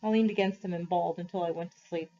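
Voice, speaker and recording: A woman teacher reading a novel aloud to her class, in a measured, expressive storytelling voice. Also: fairly low pitch. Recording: slightly muffled, dull recording.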